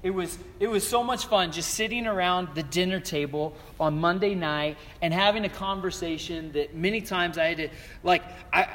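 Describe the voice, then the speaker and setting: A man preaching a sermon as a pastor, telling stories in a relaxed, conversational way with lots of fillers. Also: high voice, moderate pace, long reverb tail, slight background noise. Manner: conversational storytelling with many fillers.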